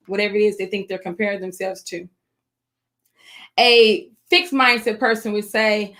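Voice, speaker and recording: Higher-pitched woman giving an encouraging webinar talk. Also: fairly even intonation, a bit bright. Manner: encouraging, speaks directly to the audience; slows down to stress key phrases. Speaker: webinar presenter. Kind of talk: online presentation for educators.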